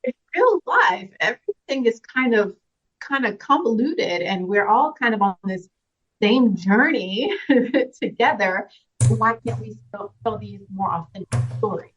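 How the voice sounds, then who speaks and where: A woman's voice: mid-range voice, expressive, a little slow, breathy edge. A woman being interviewed as a guest actress, speaking earnestly and reflectively and laughing often in casual chat. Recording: slightly dull, lo-fi sound.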